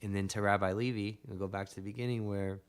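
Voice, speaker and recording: A man's voice: lowish voice, steady tone, fast talker, smooth. A young adult man, a podcast guest, telling a rambling story in casual conversation with emphatic bursts.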